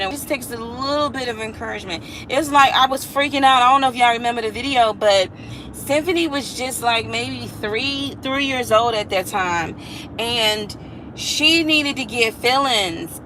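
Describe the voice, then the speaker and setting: A woman's voice: on the high side, bright, forceful tone, slight background noise, rough recording. A woman, talking casually and reflectively to her viewers, now and then singing a line. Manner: chatty, reflective, slips into singing. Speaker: vlogger. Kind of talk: casual talk to camera.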